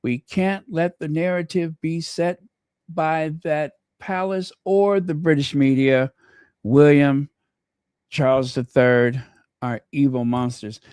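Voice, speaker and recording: A man's voice: a little high, fairly even intonation, takes it slowly, darkish tone, clean tone, no room sound. A man hosting his own channel in casual live commentary, chatty and thinking aloud as he reads viewer comments. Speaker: channel host.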